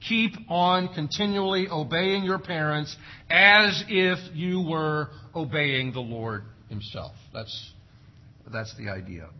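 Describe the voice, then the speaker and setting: Husky-voiced man preaching a sermon. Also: on the high side, animated, takes it slowly, lo-fi sound. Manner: emphatic, rhetorical questions, acts out parents' sayings. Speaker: pastor.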